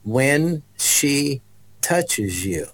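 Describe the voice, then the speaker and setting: A man's voice: mid-range voice, normal speed, lightly acted. Give me a repetitive, insistent old grandmother, as a man puts her on. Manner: nagging, repeating herself.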